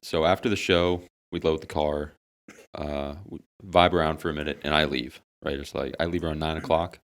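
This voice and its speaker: Speaking at a normal speed in a very deep voice, this young adult podcast co-host swears plenty while spinning an animated, dramatic comic tale. The setting is a laid-back podcast among friends.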